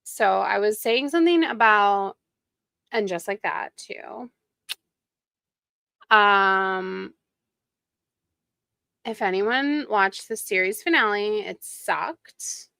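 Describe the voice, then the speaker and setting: A woman's voice: mid-range voice, lively intonation, slow, vocal fry, long pauses, pushed and bright, no echo. A woman streamer giving snarky, gossipy commentary while reacting to videos.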